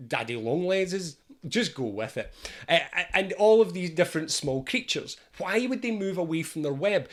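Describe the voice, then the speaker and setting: A middle-aged man coaching viewers on anxiety, talking straight to the camera. His voice sits a little high, and he keeps it animated and chatty, slipping in jokes as he goes. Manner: animated, jokey and conversational. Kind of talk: educational talk to camera.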